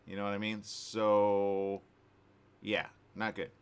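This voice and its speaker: A man's voice: fairly low pitch, takes it slowly, smooth. A man hosting a morning radio talk show, chatting casually with lots of fillers and restarts. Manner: rambling, animated, many fillers and restarts. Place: radio studio.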